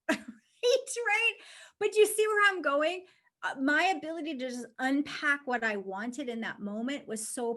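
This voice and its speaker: Woman, high voice, leadership coach, live webinar, conversational, audience check-ins. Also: bright, forceful tone. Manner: chatty and conversational, with frequent "right?" check-ins. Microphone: camera mic facing the presenter.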